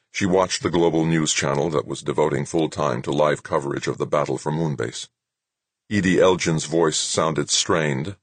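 A man narrating an audiobook in a steady, measured reading style. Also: rumbling low, husky, no echo. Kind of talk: scripted narration.

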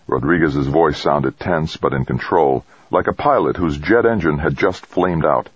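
A man narrating an audiobook in a steady, measured way. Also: very deep voice, husky, no room sound, lo-fi sound. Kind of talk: scripted narration.

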